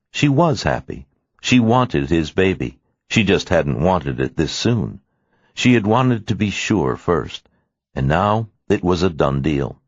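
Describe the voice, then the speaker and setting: Male narrator, very deep voice, animated delivery, dry close studio, slightly dull sound. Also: no room sound. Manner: expressive storytelling. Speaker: audiobook narrator. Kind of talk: scripted narration.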